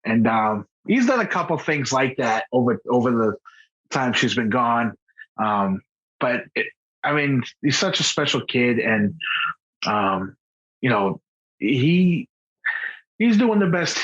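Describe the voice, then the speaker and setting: A man talks candidly as a podcast guest, his mid-pitched voice husky and a little breathy. He speaks haltingly and earnestly, often starting his sentences over. The recording sounds dull and lo-fi. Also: very animated, fairly bright tone. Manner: halting, earnest, with frequent restarts. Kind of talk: candid personal conversation.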